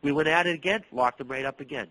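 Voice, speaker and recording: A man's voice: a little high, quick pace, low-quality recording. A middle-aged man from the Boston area, a martial arts instructor, telling stories in an interview and acting out the dialogue. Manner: animated storyteller, acts out dialogue, repeats words. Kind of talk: storytelling interview.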